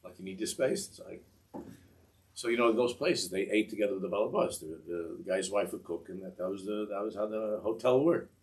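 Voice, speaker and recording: A man with a very low voice tells a Hasidic tale to a class. He rambles and keeps restarting his sentences, and he sits well back from a distant mic. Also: a little mellow. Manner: rambling, halting, with many restarts and asides. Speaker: Torah teacher. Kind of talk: telling a Hasidic story in a class.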